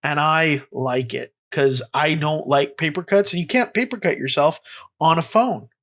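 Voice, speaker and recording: A man's voice: a little high, normal speed, fairly bright tone. A man hosting a comedy podcast, rambling playfully with lots of fillers. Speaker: podcast host.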